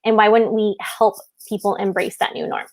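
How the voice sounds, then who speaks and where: A woman co-hosting a casual live stream about wedding planning, talking with passion in quick bursts. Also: medium pitch, little pitch movement. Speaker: wedding business co-host.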